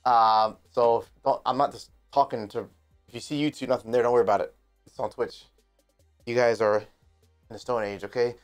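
Male game streamer, loose and excitable, rambles and curses his way through live commentary. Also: medium pitch, moderate pace, clear, resonant tone, faint music behind. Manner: excitable, swearing, rambling with restarts.

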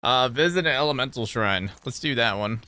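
Jokey streamer guy talking over his game, bright voice, bouncy pitch. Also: expressive, fairly quick. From New Jersey. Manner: chatty, playful, jokey. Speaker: gaming streamer. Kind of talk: casual live-stream commentary.

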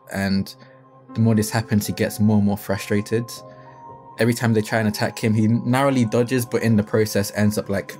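A man's voice: on the low side, a little mellow. A man playing a tabletop game, casually describing his character's scene. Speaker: player.

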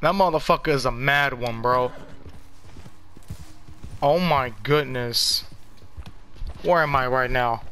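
A man casually commenting while playing a video game, excitable and swearing a lot. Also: medium pitch, slow pace, pauses often, a little hiss or hum. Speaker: gamer.

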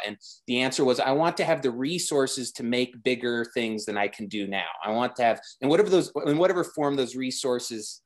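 A man's voice: mid-range voice, normal speed. A man talking as a guest designer in a casual interview, rambling with many restarts and growing enthusiastic.

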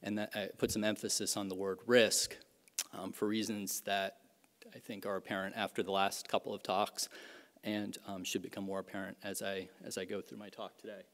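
A middle-aged man, an economics professor, giving a measured academic lecture with frequent fillers and restarts. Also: fairly low pitch, little pitch movement, fairly bright tone. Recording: reverberant lecture hall.

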